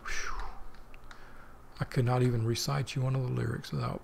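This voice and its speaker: Man, gravelly voice, casual gameplay commentary, rambling, talks to himself, faint background hiss. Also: medium pitch, little pitch movement, moderate pace. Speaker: let's play host.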